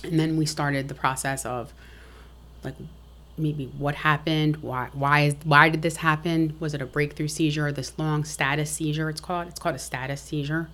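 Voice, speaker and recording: A woman's voice: sits low, fairly even intonation, moderate pace, fairly bright tone. A middle-aged woman telling a family story frankly and matter-of-factly as a podcast guest. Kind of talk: casual interview talk.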